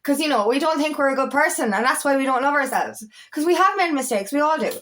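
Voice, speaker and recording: A woman's voice: animated, fast talker. A woman coach talking through self-love in a casual, heartfelt monologue, swearing freely and repeating words as she searches for them. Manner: swings between high fervent peaks and low quiet asides.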